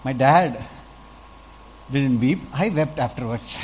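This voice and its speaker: A man preaching a sermon as pastor, animated, swinging from quiet stretches to loud bursts as he acts out little scenes. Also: mid-range voice, slow, a little hiss or hum, rough recording.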